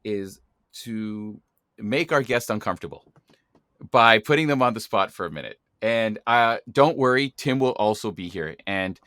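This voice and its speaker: A man's voice: lowish voice, lively intonation, normal speed, fairly bright tone, no echo. A man hosting a podcast in a playful, theatrical announcing manner. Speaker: podcast host.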